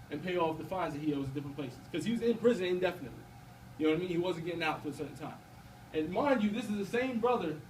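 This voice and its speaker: A student in his 20s gives a personal faith testimony in an event room at a campus ministry gathering, speaking quickly in a high voice. He's chatty and casual, often asking "you know what I mean," and the mic is distant with faint hiss.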